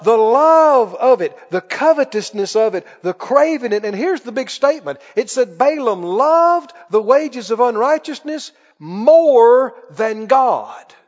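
A preacher with a very high voice, telling the story dramatically and stopping often to ask rhetorical questions. His voice carries a long reverb in a church sanctuary, and the recording sounds dull and muffled. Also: sing-song, measured pace, few pauses. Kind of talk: sermon.

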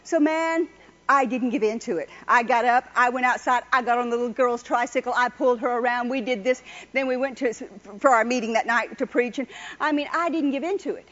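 A woman with a high, light voice gives a folksy sermon. She is chatty and exhorting, with easy laughter, and the recording sounds dull and lo-fi. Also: fairly quick, a bit bright. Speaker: preacher. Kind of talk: folksy sermon with personal stories.

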